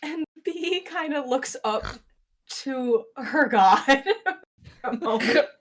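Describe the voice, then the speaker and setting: Woman player, super slow and high, voice swoops around a lot. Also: animated. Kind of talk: playing a tabletop game.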